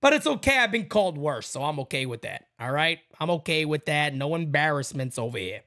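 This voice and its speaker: A man hosting a fan livestream, calling a baseball game pitch by pitch in a casual, excitable way and chatting with viewers between plays. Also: a little fast. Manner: excitable, jumps to loud calls on big plays. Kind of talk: casual play-by-play with chat shout-outs.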